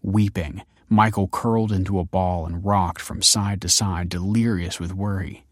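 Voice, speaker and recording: Brief: male narrator, measured storybook delivery, low voice, dry close sound. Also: fairly even intonation, dry recording. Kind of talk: scripted audiobook narration.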